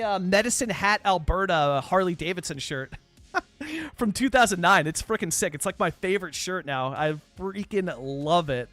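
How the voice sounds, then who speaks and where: A man's voice: high-pitched, a bit bright. A young Canadian man from British Columbia, chatting casually and rambling on a live game stream, full of fillers as he answers viewers. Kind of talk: casual live-stream chat while playing a city-building game.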